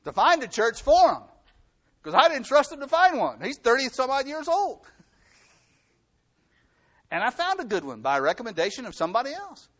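A middle-aged male pastor delivering a sermon in a voice that sits high for a man. His pitch rises and falls widely as he preaches. He hammers his points home by repeating them and swings between loud, emphatic lines and hushed ones. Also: huge pitch swings, normal speed, pauses often.

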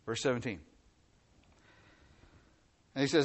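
A man preaching a sermon, reading scripture aloud with loud emphatic lines and dropping to quiet asides. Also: medium pitch, moderate pace, long pauses, husky.

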